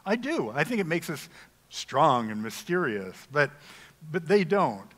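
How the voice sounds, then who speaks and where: A man's voice: a little high, big pitch swings, measured pace. A middle-aged male pastor preaching a sermon in a folksy, humorous, conversational way. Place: church sanctuary. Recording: long reverb of a church hall.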